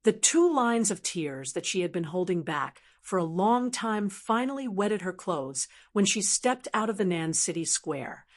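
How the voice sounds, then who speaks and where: A woman narrating a fantasy novel audiobook in a steady storytelling voice. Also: mid-range voice, a little slow, few pauses. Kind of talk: scripted narration.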